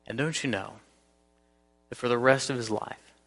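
Male pastor, gravelly and bright, earnest sermon delivery, long hall reverb. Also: medium pitch, moderate pace. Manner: earnest, storytelling, emphatic with repeats.

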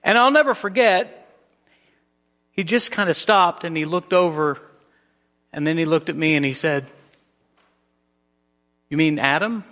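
A pastor preaching a sermon, telling a story with shifting emphasis. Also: male voice, fairly high pitch, a little slow, pauses often, a bit bright, in a large hall.

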